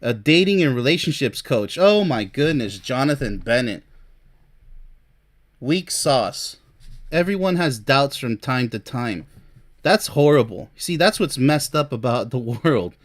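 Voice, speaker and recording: A man's voice: medium pitch, animated, unhurried. A man giving opinionated, scornful commentary while reviewing a relationship article, often mocking the quoted views.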